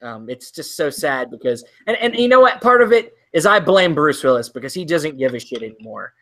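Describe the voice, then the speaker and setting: A man's voice: fairly high pitch, very animated, brisk, a bit bright. A man co-hosting a casual movie talk show, rambling and ranting with lots of ums and restarts. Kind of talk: casual chat.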